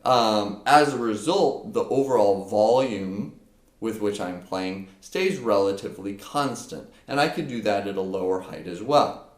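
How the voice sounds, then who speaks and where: A man's voice: lowish voice, a little slow. A man giving an unscripted percussion lesson, explaining step by step with frequent fillers. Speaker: percussion teacher. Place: practice room with a drum. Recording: echoey room.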